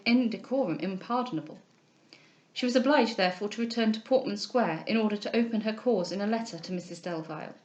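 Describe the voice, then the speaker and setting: A woman narrates a classic novel aloud. Her voice is a little high, clear and measured. The reading is steady and even in tone. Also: rough recording. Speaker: audiobook reader.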